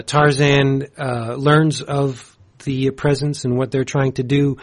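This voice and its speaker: A man in easygoing podcast conversation, recapping a comic plot. He rambles with fillers and gushes about what he loves. His voice sits in a middle register. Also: mid-range voice. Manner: enthusiastic, gushing, rambling with fillers. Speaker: podcast co-host. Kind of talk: casual comics review chat.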